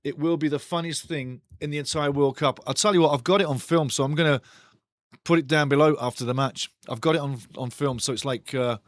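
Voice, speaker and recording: Man, football watchalong host, excitable, a bit high, dry close mic. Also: no room sound. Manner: excitable, reads chat messages aloud, chatty asides. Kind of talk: live football watchalong commentary and chat. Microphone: studio mic.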